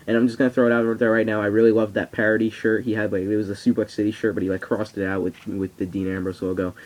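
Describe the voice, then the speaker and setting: A teenage boy in a casual vlog, rambling excitably and swearing freely. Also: fairly low pitch, quick pace, poor audio. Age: teens. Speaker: vlogger. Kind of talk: casual wrestling reaction vlog. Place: at home on camera.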